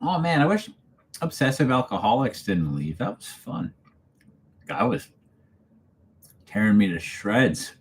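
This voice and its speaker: Canadian guy, slightly low voice, easygoing livestream host working through chat at home. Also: sing-song, measured pace, pauses often. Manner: laid-back, chuckling, talks to viewers by name. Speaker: channel host reading live chat. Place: home, alone for the evening.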